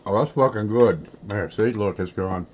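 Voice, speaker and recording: A man with a fairly low voice rambles in a folksy, easygoing way, talking through mouthfuls of food as he eats on camera. The recording sounds dull and lo-fi, with a faint hiss underneath. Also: moderate pace, a little mellow. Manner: folksy, rambling, talks with his mouth full. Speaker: coin collecting channel host. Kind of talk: casual chat while eating on camera.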